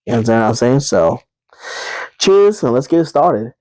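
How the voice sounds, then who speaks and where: A Brooklyn, New York man hosts his own solo podcast, chatting casually and directly to listeners he calls y'all, with plenty of fillers and repeated phrases. His medium-pitched voice is sing-song and darkish, at a moderate pace. The rough recording carries a little hiss or hum.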